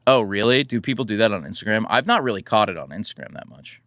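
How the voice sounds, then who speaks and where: An American man hosting a relaxed live stream, reading and answering chat questions in a rambling, self-deprecating way. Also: on the low side, fast, no echo, clean studio sound. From United States. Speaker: livestream host answering chat.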